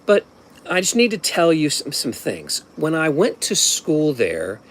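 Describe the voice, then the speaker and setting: A man's voice: a little high, huge pitch swings, measured pace, a little hiss or hum. A man in his fifties from Ohio telling a personal story at home in a casual, rambling way, often restarting and adding asides. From Ohio, USA. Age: 50s.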